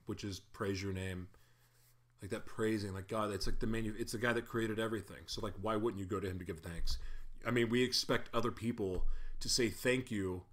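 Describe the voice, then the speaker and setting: A man's voice: fairly low pitch, fairly even intonation, moderate pace, fairly bright tone. A man in a casual spoken faith reflection, candid and self-deprecating, who chuckles often and stumbles over his words.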